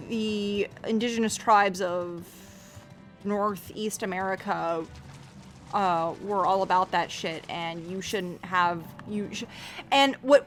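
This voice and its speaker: A woman streaming a game, chatting casually to her viewers in a rambling, profane way, often restarting her sentences. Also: mid-range voice. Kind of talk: casual livestream chat while playing.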